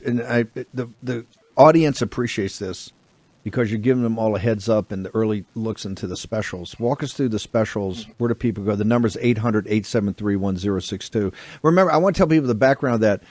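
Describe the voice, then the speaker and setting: A male radio host telling a story in a quick casual way, laughing along as he talks. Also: mid-range voice, darkish tone, no echo.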